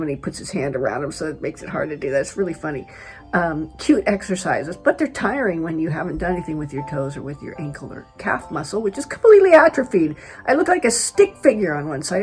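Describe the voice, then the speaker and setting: A middle-aged woman from California, chatty and animated, telling a personal story to camera as a travel vlogger. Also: fairly low pitch. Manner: chatty, animated retelling with quoted dialogue.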